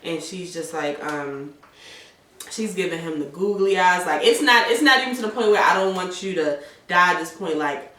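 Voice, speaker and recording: A woman's voice: lowish voice, moderate pace, recorded from a distance. A woman recaps a TV episode in loose, profane chat and acts out the characters' lines as she goes. Her voice sits a little back from the mic. A roomy echo hangs around her. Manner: animated, swears freely, acts out lines from the episode. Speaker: podcast co-host recapping a TV episode.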